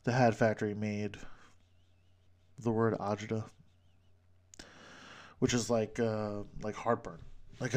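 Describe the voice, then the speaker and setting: Slow, rambling man on a solo podcast. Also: fairly low pitch, level tone, a little mellow. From New York. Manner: rambling, self-deprecating, profane jokes. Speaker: podcast host.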